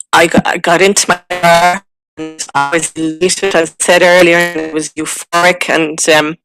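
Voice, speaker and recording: Halting, emotional Irish woman, dry sound. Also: lowish voice, a bit bright, dry recording, poor audio. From Ireland. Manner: halting and emotional, many fillers and restarts. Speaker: guest recounting a spiritual experience. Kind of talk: personal testimony.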